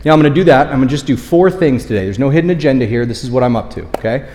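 Speaking at a racing pace, a man with a darkish, mid-range voice preaches as pastor in a church auditorium, with long hall reverb and slight background noise. His sermon is candid and conversational, punctuated by frequent "okay?" check-ins with the congregation.

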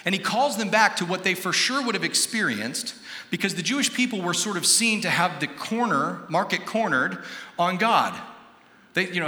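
An American man preaching a sermon as pastor, animated, acting out quoted voices and quizzing his congregation. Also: high voice, normal speed. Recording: echoey hall with long reverb.

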